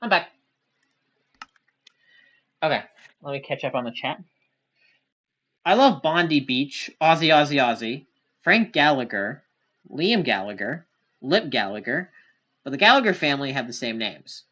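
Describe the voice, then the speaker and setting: Woman, live streamer, bright tone, slightly muffled lo-fi mic. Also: a bass voice, sing-song, a little slow, pauses often. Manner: rambling, giggly, self-deprecating. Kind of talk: casual live-stream chat.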